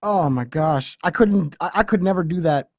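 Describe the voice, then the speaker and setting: A theatrical, excitable man talking fast during an online party game on a video call. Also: high voice, dull audio. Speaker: game player. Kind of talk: casual game banter.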